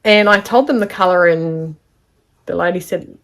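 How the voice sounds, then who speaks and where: A woman's voice: fairly low pitch, normal speed. Chatty, rambling woman sewing vlogger. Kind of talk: casual chat to camera. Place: home sewing studio.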